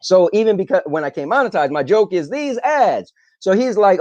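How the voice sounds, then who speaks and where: Rambling man, higher voice. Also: brisk, few pauses, no echo. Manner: rambling, animated retelling with filler ums. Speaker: podcast host. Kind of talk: casual storytelling monologue.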